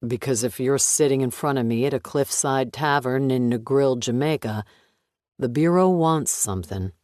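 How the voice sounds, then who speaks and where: A man voicing a forty-something retired FBI agent, speaking slow, low and sardonic. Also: darkish tone, no echo, clean studio sound, close to an everyday voice. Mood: guarded.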